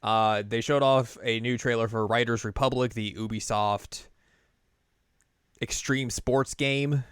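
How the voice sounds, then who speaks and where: A man's voice: mid-range voice, steady tone, unhurried, fairly bright tone, clear, resonant tone, no echo. A man co-hosting a podcast in casual chat, laid-back and chatty, with dry asides and chuckles. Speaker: podcast co-host.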